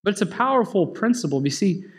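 Man, pastor, high-pitched voice, chatty sermon, questions to the congregation. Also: lively intonation, fast talker. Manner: conversational preaching, asks the congregation questions, laughs.

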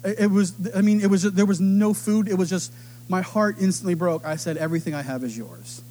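A middle-aged man preaching a sermon, telling stories with animated delivery and acting out the voices of others. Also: sits high, a little fast, slight background noise. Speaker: pastor.

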